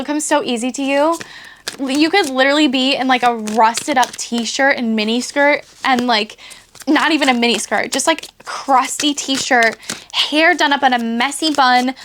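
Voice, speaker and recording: A woman's voice: sits high, fairly bright tone. A woman giving a casual pick-a-card tarot reading, chatty and giggly, with many fillers. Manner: chatty, giggly, heavy use of "like". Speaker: tarot reader.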